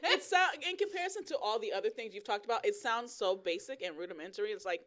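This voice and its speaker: A woman co-hosting a casual podcast chat, quick with jokes and wisecracks. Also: medium pitch, animated, a bit bright. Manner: jokey, quick with wisecracks and laughter. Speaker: podcast co-host.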